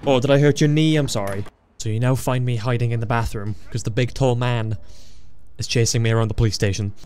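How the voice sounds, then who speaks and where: A young man giving casual, joking commentary while playing a horror game, with jumpy, excitable reactions and frequent swearing. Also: medium pitch, brisk. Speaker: gaming video creator. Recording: faint game music behind.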